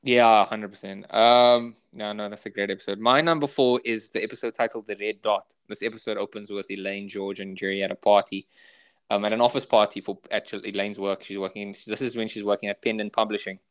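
A man's voice: fairly low pitch, steady tone, fairly quick, a bit bright, smooth. A man with a South African accent, co-hosting a podcast, rambling through episode recaps in casual chat full of filler words. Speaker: podcast co-host.

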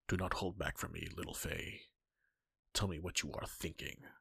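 A man voicing a stern, gruff older warrior god in a fan-fiction reading, with a low, half-whispered delivery. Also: fairly even intonation, moderate pace, fairly bright tone, dry recording, clean studio sound, exaggerated voice. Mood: brooding.

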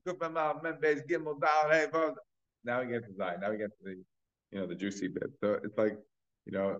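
Chatty rabbi, lower voice, lo-fi recording. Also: male voice, gravelly. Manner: chatty, many fillers, mixes in Hebrew and Yiddish terms. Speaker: rabbi teaching a Talmud class. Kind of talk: casual Torah lecture. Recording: dull, lo-fi class recording.

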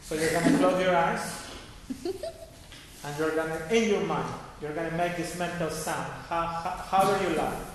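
A man's voice: on the high side, moderate pace. A man teaching a guided laughter meditation class, giving instructions and checking in with a repeated "okay?". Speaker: yoga teacher. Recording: echoey hall with faint noise.

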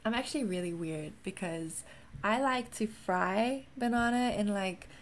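A South African woman with a mixed South African accent, a wellness content creator, chats casually in a vlog. Her medium-pitched voice is unhurried, and she rambles with plenty of ums.

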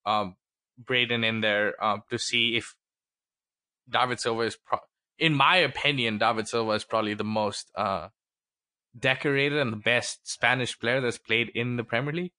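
A man's voice: medium pitch, fairly even intonation, normal speed, pushed and bright, dry recording, studio quality. A man co-hosting a football podcast, steering the game-by-game review in casual talk with plenty of ums and the odd swear. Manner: leads the segments, filler-heavy, occasionally crude. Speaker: podcast co-host, football fan.

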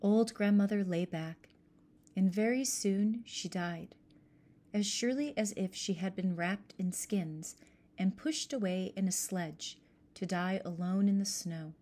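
A woman reading a storybook aloud in a measured, gentle way. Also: fairly low pitch. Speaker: narrator.

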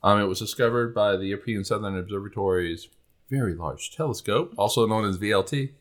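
A man's voice: lowish voice, fairly quick. A man hosting a casual astronomy podcast, rambling with many fillers. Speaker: podcast host.

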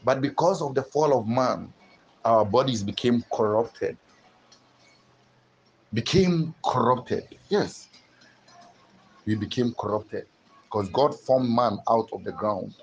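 A man preaching a sermon, building rhythmic repeated phrases that swell into loud, fervent peaks. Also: medium pitch, lively intonation, slow, long pauses, highs cut off, a little hiss or hum. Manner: rhythmic repetition with sudden swells.

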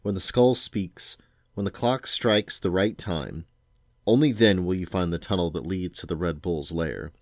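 Dad reading a lazy, cryptic cat, low drawl, dry close sound, storybook. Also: male voice, measured pace, no echo. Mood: drowsy cryptic. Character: drowsy aloof male talking cat, speaks in riddles. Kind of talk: storybook read-aloud.

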